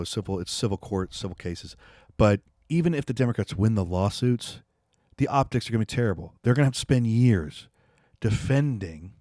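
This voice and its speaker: A man's voice: on the low side, a little mellow, dry recording, clean studio sound. A man hosting a political commentary, ranting angrily and repeating himself as he dares his listeners to respond. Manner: angry, ranting, repetitive, challenging viewers.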